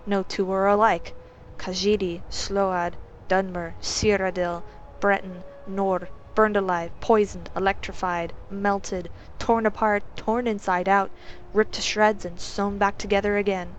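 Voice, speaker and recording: A woman's voice: mid-range voice, little pitch movement, a little slow, slight background noise, natural voice, low-quality recording. Stern male guard captain, read by a woman. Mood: grave.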